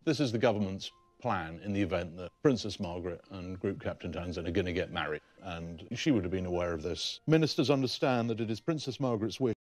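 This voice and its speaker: A man's voice: lowish voice, darkish tone. A man explaining historical documents in a documentary interview, reading passages aloud. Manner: explanatory, reads passages from papers.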